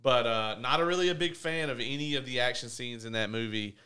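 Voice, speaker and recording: A man's voice: mid-range voice, a little fast, pushed and bright. A man hosting a casual movie review podcast, talking in an easygoing way with many fillers. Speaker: podcast host.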